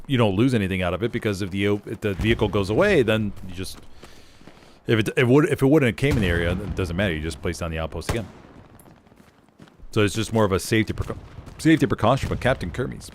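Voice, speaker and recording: A man giving live play-by-play commentary on a game as its caster, relaxed and rambling, with loud excited bursts at big plays. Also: on the low side, a little hiss or hum. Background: game gunfire and artillery.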